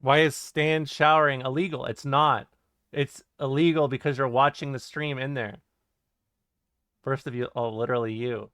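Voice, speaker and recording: A man streaming and reading chat aloud, joking, laughing and swearing in quick casual banter. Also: medium pitch, steady tone, a bit bright, dry recording.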